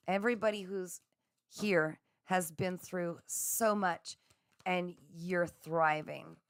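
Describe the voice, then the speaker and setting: A woman hosting a live spiritual chat, speaking in a gentle, affirming and soothing way as she reads out viewer comments. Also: fairly low pitch, smooth, no room sound, clean studio sound. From Canada. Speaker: psychic livestream host.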